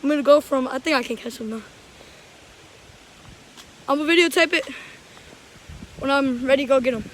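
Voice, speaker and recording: A woman vlogging while she plays hide and seek outside, out of breath, talking in hushed, jumpy bursts with loud exclamations, recorded on a handheld phone. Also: high voice, fairly quick, long pauses, very noisy. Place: outdoors in a thunderstorm at night. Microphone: handheld phone camera.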